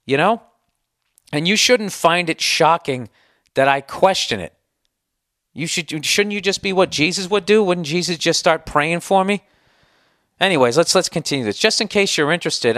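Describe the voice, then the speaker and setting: A man's voice: a little high, fairly bright tone, dry recording, studio quality. A man hosting a solo podcast, answering listener email in a heated, sarcastic, profane rant. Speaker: podcast host.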